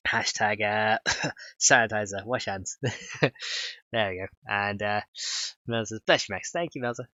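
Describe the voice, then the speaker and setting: Stuffy-nosed male streamer, low, bright tone, rambling casual chat, dry lo-fi mic. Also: no room sound. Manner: rambling, thinks aloud with chuckles. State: stuffed-up nose. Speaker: livestreamer and game modder.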